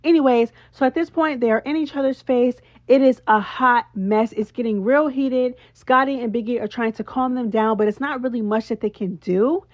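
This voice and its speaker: A woman recaps a reality show in a sassy, animated way, piling on slang and talking straight to her viewers. Her voice sits a touch high. The sound is dry and a bit muffled, like a simple home setup. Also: normal speed, few pauses, no echo. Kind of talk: casual recap commentary.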